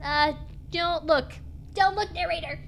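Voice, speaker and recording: High-voiced, apologetic young woman streamer. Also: a little slow, gravelly, background noise. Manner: apologetic and playful, often repeats herself. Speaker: streamer playing a game. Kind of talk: casual live-stream commentary.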